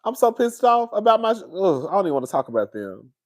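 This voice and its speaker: A man's voice: high voice, sing-song, fast talker. Sassy man venting on stream. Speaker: livestream host. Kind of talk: casual livestream chat.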